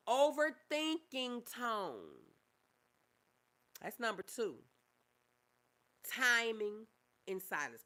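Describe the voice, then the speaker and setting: A woman's voice: on the high side, very animated, extremely slow, pauses often, fairly bright tone. A woman, a therapist hosting a casual livestream, reading viewer comments aloud and calling them baby. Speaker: livestream host, mental health therapist.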